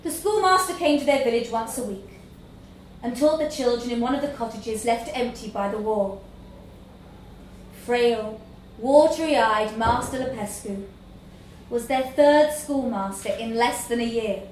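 Woman, storybook narration, unhurried, fairly high pitch, roomy echo. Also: a little hiss or hum. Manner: slow, measured storytelling. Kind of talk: scripted narration of a literary story. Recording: echoey room with faint ambience.

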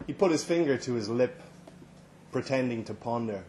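A man's voice: mid-range voice, expressive, moderate pace, a little mellow, echoey room, a little hiss or hum. A man narrating a short story aloud at a live reading in a pub, in a dry, wry first-person tone. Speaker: reader of his own short story.

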